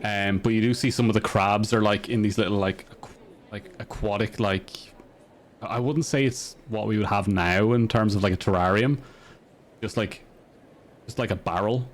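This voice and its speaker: A man running a tabletop game as dungeon master, rambling with lots of fillers and quick laughs. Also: lowish voice, fairly even intonation.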